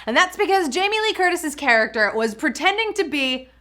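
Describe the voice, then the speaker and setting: A woman's voice: sits high, very animated, brisk, bright, forceful tone. A woman hosting a live trivia game, chatty and bubbly, laughing often. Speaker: trivia game show host.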